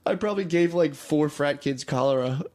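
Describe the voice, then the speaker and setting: A man's voice: fairly high pitch, normal speed, a little mellow, slight background noise. A man in his thirties co-hosting a podcast, telling rambling, crude anecdotes in casual comedic chat. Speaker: podcast co-host.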